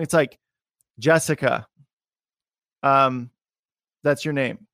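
A young man hosting a faith interview, talking in an energetic, encouraging, rambling way with many fillers. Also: mid-range voice, takes it slowly, long pauses, smooth, no echo, studio quality. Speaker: podcast host. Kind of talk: animated faith interview chat.

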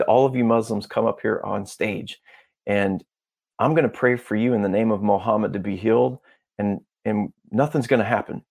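A man as a podcast guest, telling a story in a casual, animated way and acting out the dialogue. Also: fairly low pitch, vocal fry. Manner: animated, acts out dialogue, peppers talk with "bro" and "dude".

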